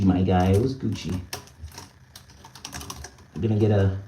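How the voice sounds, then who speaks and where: A man's voice: sits low, steady tone, takes it slowly, dark tone, reverberant, distant mic, a little hiss or hum. A young man hosting a casual live stream, bantering with his chat, reading their comments aloud and laughing often. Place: indoors at home, small room.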